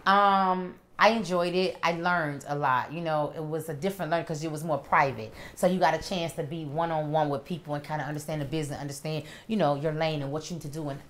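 Low-voiced woman telling stories. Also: fast talker, hardly any pauses. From Miami, USA. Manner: animated storyteller, acts out quoted voices. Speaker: rapper, interview guest. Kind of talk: casual interview.

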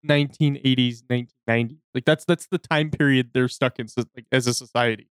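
A man co-hosting a casual podcast, chiming in with quick, chatty remarks. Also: medium pitch, steady tone, clear, resonant tone, no room sound. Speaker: podcast co-host.

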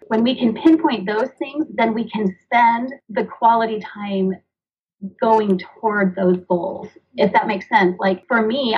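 On a muffled recording, a husky, medium-pitched woman in her thirties talks as a podcast guest in a conversational interview. A mother and an author, she explains earnestly, rambles slightly, and acts out dialogue.

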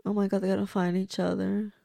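A woman's voice: medium pitch, little pitch movement, quick pace, vocal fry, warm tone, no room sound. A woman, host of a movie review show, chatting casually and exclaiming at the screen as she watches along.

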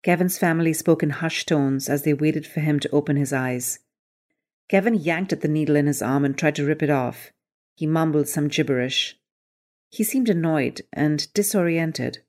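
A woman narrating her own short story in an even, clear storytelling manner. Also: sits low, moderate pace. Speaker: story author and reader. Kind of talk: scripted narration.

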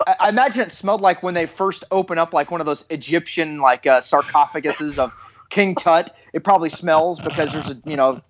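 A man hosting a casual podcast chat, jokey and expressive, riffing on the story with comic comparisons. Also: fairly high pitch, fairly quick, dull audio. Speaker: podcast host.

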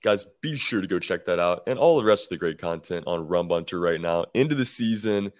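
A man hosts a sports podcast in an easygoing, conversational way, casually plugging the show. His voice sits low and sounds dry and close to the mic. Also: lively intonation, brisk, no room sound. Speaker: podcast host.

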